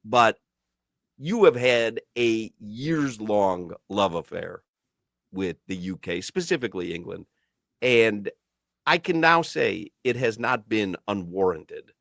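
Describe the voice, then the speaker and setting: American radio host, dry studio sound. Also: male voice, fairly low pitch, animated, slow pace, vocal fry, fairly bright tone, no room sound. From United States. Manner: jokey, puts on mock British phrases. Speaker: radio sports talk host. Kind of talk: casual sports radio banter.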